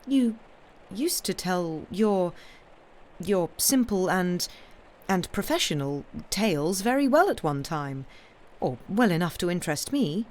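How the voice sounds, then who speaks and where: A woman's voice: medium pitch, animated, takes it slowly, a little mellow, pitched above the performer's own voice. A woman reading as a fluttering, capricious lady. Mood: wistful. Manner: fluttering, unsteady, faltering delivery. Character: capricious, insistent woman in wartime.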